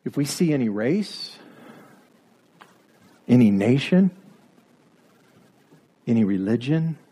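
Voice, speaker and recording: A man's voice: medium pitch, very animated, slow, warm tone, slightly rough. A man preaching a sermon, driving his points home with repeated rhetorical questions and building to emphatic peaks.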